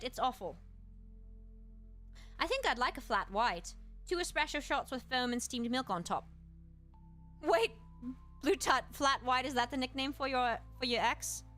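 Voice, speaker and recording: A woman streamer in casual chat, reading aloud and musing with quick asides to her chat. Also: sits high, animated, a bit bright, soft background music. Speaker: streamer host.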